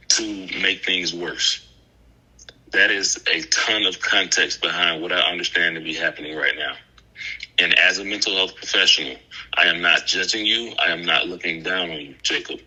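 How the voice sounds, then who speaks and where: A man speaking as a mental health professional on a call, slow and patient, often using the caller's name. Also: deep voice, pushed and bright, slightly rough, low-quality recording. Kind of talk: calm phone counseling.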